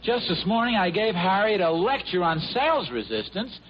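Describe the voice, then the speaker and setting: An actor playing a flustered husband who stammers sheepishly, in 1950s radio sitcom style. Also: male voice, high voice, sing-song, normal speed. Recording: muffled old radio broadcast with faint hiss.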